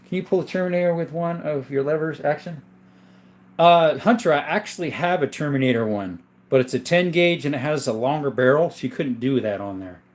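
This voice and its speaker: Male livestream host, slightly higher voice, relaxed chat-reading delivery. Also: a little hiss or hum. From southern Arizona. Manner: relaxed, answers viewer questions one by one. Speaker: gun channel host reading live chat. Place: indoor room full of guns.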